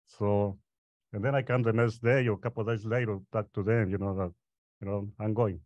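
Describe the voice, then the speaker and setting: A man's voice: fairly low pitch, fairly even intonation, fairly quick, darkish tone, dry recording. A Spanish-speaking man from Mexico with a Mexican accent, a roofing worker telling his story hesitantly, with a lot of "you know". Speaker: roofing worker, panel guest. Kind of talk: casual panel chat. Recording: dry, muffled audio.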